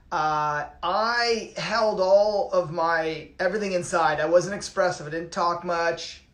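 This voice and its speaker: A man's voice: sits high, a bit bright, reverberant. A middle-aged man from Canada, a yoga teacher, talking casually and reflectively, rambling and repeating his phrases with many restarts.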